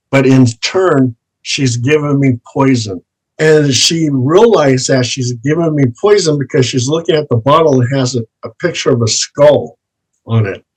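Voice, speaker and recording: A man who investigates the paranormal, telling ghost stories slowly and dramatically as an interview guest. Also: mid-range voice, slightly rough, low-quality recording. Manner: slow, dramatic storytelling with drawn-out words. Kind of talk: storytelling in an interview.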